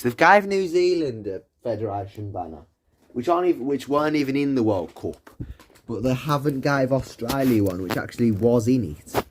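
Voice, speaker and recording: A man's voice: medium pitch, a little hiss or hum. A man giving casual, rambling commentary while playing a video game, swearing and thinking aloud. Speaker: gaming video creator.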